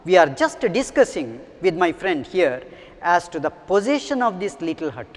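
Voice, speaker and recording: Man voicing a clever elephant minister, storybook reading, polite and soothing, high voice, echo. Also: sing-song, a little fast. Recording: long echoing reverb.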